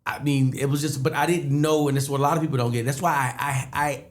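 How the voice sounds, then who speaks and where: Brief: comedian, rapid animated storytelling, mid pitch. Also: male voice. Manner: animated storyteller acting out voices. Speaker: comedian guest. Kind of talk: storytelling in casual podcast chat.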